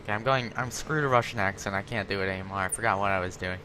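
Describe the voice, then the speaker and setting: A man's voice: fairly low pitch, rapid-fire, slight background noise. A man hosting a gaming video, chatting casually and correcting himself as he shows off tanks. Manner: rambling, self-correcting, chatty. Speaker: gaming channel host. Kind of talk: casual gameplay commentary. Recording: game audio loud behind voice.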